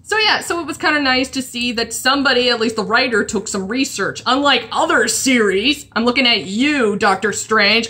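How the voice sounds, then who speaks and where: Woman, comic-drawing vlogger, high-ish bright voice, rambling casual talk. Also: normal speed, breathy edge. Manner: chatty and rambling, lots of fillers and restarts. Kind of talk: casual commentary while drawing.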